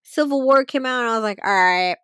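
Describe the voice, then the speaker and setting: Female podcast co-host, high voice, casual and profane, dry recording. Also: quick pace, smooth, dry recording. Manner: swears freely, animated and laughing. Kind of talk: casual chat.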